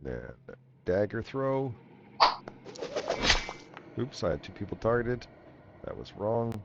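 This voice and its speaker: A man running a tabletop game as game master, matter-of-fact and quick to chuckle at his players. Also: on the low side, big pitch swings, heavy background noise. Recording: muffled online call audio.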